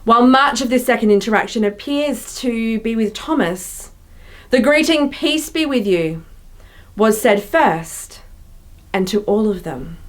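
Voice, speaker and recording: A woman's voice: on the high side, lively intonation, a little slow. A young woman, a youth pastor, giving a conversational, reflective sermon with playful voiced asides.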